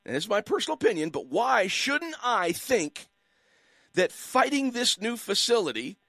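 Fired-up radio host, high lively voice. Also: male voice, no room sound, studio quality. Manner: preachy, fired-up, hammering rhetorical questions. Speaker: radio talk show host. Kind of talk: impassioned call-in radio commentary.

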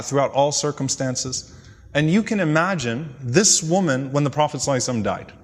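A man giving a storytelling religious lecture, explaining in an earnest way with pauses and restarts. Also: fairly high pitch. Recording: long hall reverb.

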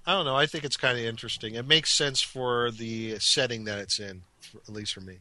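A man's voice: mid-range voice, fairly even intonation, fairly quick, sharp tone, no echo. A man hosting a casual tabletop gaming discussion, steering the talk and throwing in jokey asides. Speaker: podcast host leading the discussion.

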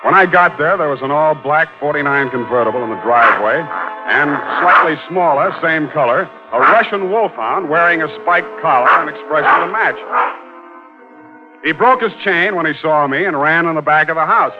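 A man's voice: on the high side, animated, moderate pace, close to an everyday voice. Man voicing a cynical hard-boiled male detective, dry sardonic narration, 1940s radio drama, muffled vintage broadcast, music behind. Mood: wry.

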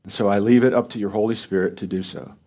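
A man's voice: fairly low pitch, fairly even intonation, quick pace, dark tone. Earnest man preaching a sermon. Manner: earnest and pleading. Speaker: pastor.

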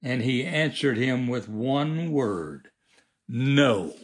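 Brief: male lecturer, slow and emphatic, very lively pitch. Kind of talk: preachy moral monologue.

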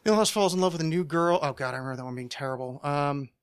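A man's voice: a little high, fast talker, clean tone. A young man co-hosting a casual podcast about a TV show, rambling and joking with lots of restarts. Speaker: podcast co-host.

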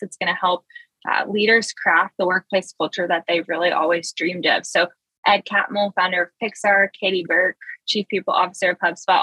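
Eager woman guest, bright forceful tone, chatty with fillers. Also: lowish voice, husky, no room sound, poor audio. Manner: enthusiastic, many fillers and restarts. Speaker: marketing executive, guest. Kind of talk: conversational interview.

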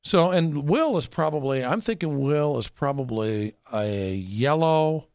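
Emphatic coach guy chatting, lively ups and downs, dry close sound. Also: a little high, unhurried, clear, resonant tone, dry recording. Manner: emphatic, laughs often. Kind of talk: casual chat.

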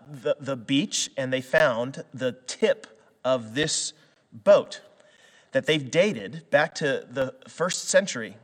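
A pastor from western Canada preaches conversationally, his sermon full of restarts and fillers that build to emphatic peaks. His mid-range voice is a bit bright, trailed by long reverb.

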